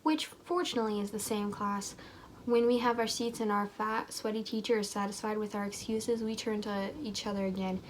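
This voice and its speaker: A woman's voice: mid-range voice, steady tone, normal speed, a little hiss or hum. A woman casually reading a story aloud and breaking off for snarky, giggly asides. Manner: snarky, giggly asides, loose slangy delivery. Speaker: YouTuber reading stories aloud. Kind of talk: casual read-aloud with sarcastic commentary.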